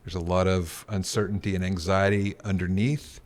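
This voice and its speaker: A man's voice: sits low, little pitch movement, moderate pace. A man co-hosting a podcast, speaking earnestly and thoughtfully to the guest. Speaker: podcast co-host. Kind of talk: conversational podcast interview.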